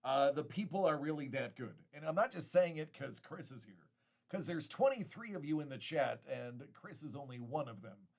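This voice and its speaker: A man from the United States rambles and jokes through a casual live stream, laughing often and tripping over his words. His pitch sits a touch high and swings around a lot. The audio sounds slightly dull and lo-fi. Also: moderate pace, creaky. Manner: lively joking, laughs often, stammers restarts. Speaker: host of a card-collecting live stream.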